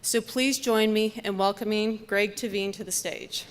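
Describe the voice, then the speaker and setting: Event emcee, woman, mid-pitched, scripted intro in a reverberant hall. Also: fairly even intonation, normal speed, heavy background noise. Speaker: event host introducing the speaker.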